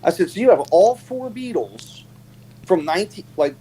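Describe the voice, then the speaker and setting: Man, casual panelist, lively swinging pitch, rambling storyteller, faint background hiss. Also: normal speed, poor audio. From United States. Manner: animated storyteller, many fillers, pitch jumps when quoting. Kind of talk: casual live panel chat.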